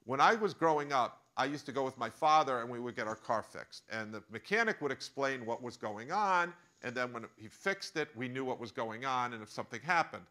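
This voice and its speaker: A man's voice: medium pitch, expressive, fairly quick, few pauses, sharp tone. A man with an American accent voicing an eager, chatty former consultant, a woman who is also a mother, as part of a told story. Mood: persuasive.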